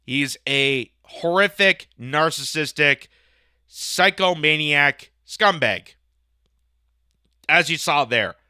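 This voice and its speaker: A man's voice: fairly high pitch, animated, slow pace, bright, forceful tone, smooth, no room sound, studio quality. A man hosting a political reaction commentary, ranting sarcastically with heavy emphasis. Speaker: commentary host.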